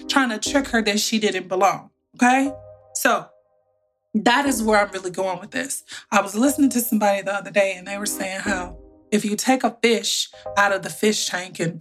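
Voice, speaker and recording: A woman hosting a motivational podcast, telling stories in a lively, colloquial way and speaking straight to her listeners. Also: mid-range voice. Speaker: podcast host and business coach.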